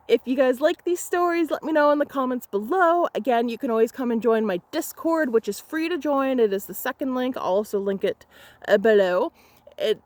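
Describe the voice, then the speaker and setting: In an angry storytime vlog, a young woman with a fairly high voice speaks straight to camera about a clash with a photography client. Heated and emphatic, she swears freely as she retells it, and the recording is dry.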